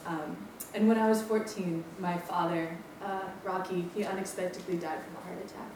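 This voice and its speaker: Young woman from hawaii, campus ministry staff, rambly self-deprecating testimony, lower voice, echoey room, mic far off. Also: fairly even intonation, moderate pace. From Maui, Hawaii. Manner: chatty, self-deprecating, many ums. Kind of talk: personal testimony talk. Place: lecture room. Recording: echoey room, distant mic, background noise.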